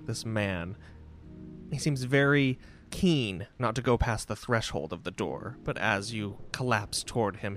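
A man's voice: medium pitch, a little hiss or hum. A man as game master, narrating the scene in the second person. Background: music.

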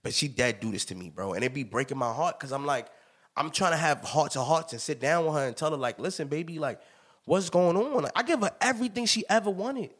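Animated man telling stories on a podcast. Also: a little high, quick pace. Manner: animated, emphatic storytelling with frequent laughs. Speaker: podcast host. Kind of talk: casual chat.

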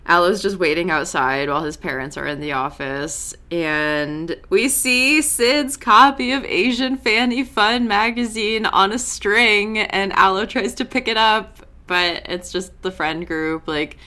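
A young woman casually recapping a TV episode in a chatty, expressive way, full of quick asides. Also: medium pitch. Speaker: show recap host.

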